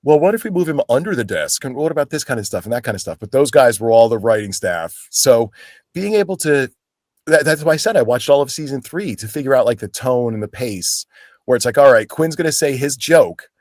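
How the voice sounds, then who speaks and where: A man's voice: mid-range voice, expressive, fairly quick, darkish tone, no echo, clean studio sound. A man from Pennsylvania, an actor as a guest, telling stories in a casual interview and acting out quoted lines in voices.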